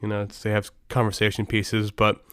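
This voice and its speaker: A man's voice: on the low side, completely flat delivery, fairly quick, a bit bright, smooth, dry recording. A man hosting a casual podcast, telling rambling, anecdotal stories over a close mic. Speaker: podcast host.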